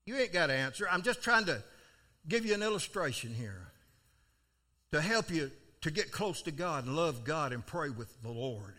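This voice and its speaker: An older preacher with a high, bright, ringing voice. His pitch swings widely as he spins a folksy story from the pulpit, breaking into sudden loud cries. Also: animated, moderate pace. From South Florida. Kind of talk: storytelling sermon.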